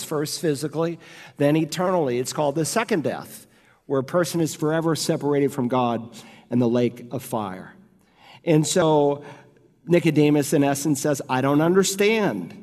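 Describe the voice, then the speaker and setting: A man preaching a sermon as pastor, earnest and emphatic, slowing down to stress key phrases. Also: medium pitch, a little mellow, long reverb tail.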